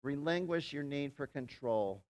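A man delivers a sermon in a casual, talking-to-friends way, his voice sitting a little higher than most men's. He leads the congregation in call-and-response. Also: animated, measured pace, a little mellow. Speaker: pastor.

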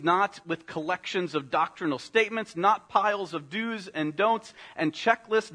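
Man, pastor, sermon, slightly high voice, earnest, soft drops on key lines. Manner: earnest, slows down and drops softly on key phrases; addresses congregation as "guys".

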